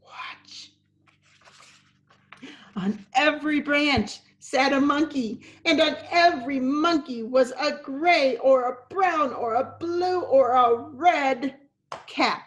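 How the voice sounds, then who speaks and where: A woman's voice: sits high, slow pace. A woman, an actress and teaching artist, leading a theatrical children's storytime and talking straight to young listeners, sometimes dropping to a whisper. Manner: animated, talks to young listeners, drops to whispers.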